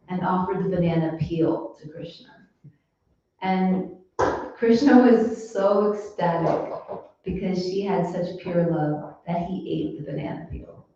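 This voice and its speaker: Chatty woman lecturer, low voice, distant and muffled, big echo. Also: warm tone. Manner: chatty, lots of fillers, storytelling. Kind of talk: casual devotional lecture. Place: temple hall. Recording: echoey hall, distant mic, dull sound.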